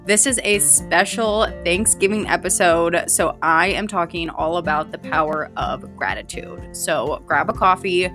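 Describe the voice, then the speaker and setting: A woman's voice: fairly low pitch, a little slow, few pauses, music in the background. A woman hosting her own podcast as an online fitness coach, talking in a chatty, upbeat way with casual fillers. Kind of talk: solo podcast talk.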